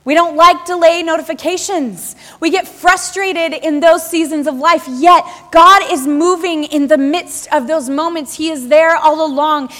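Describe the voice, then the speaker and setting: A woman in her thirties preaching a sermon in a lively, conversational way, full of rhetorical questions and repetition. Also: very high-pitched, measured pace, hardly any pauses. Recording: long reverb of a large hall.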